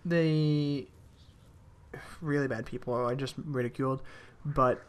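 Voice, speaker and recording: A young gaming commentator rambles through stories about work while a video game plays, restarting sentences and swearing now and then. His mid-range voice is slow and steady.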